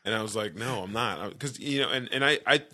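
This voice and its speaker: A man's voice: lowish voice, fast, sharp tone. A young man, a former football player chatting as a podcast guest, laid-back and laughing, restarting his sentences. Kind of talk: casual chat.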